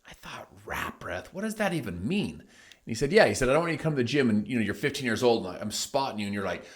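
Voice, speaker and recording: A man's voice: medium pitch, very animated, quick pace. A middle-aged man hosting his own show, telling a motivational story in an emphatic way and acting out the people he quotes. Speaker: host. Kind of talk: motivational monologue.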